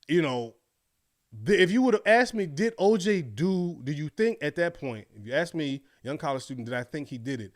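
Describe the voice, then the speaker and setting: A man, hosting a casual commentary podcast and telling stories with animated swings in voice. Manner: animated storytelling, swings loud and high when recounting reactions. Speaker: podcast host.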